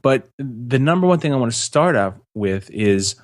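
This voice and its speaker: A man with a mid-range, animated voice speaks at normal speed in clean studio sound with no room noise. Co-hosting a casual podcast chat, he rambles with lots of fillers and restarts and laughs easily.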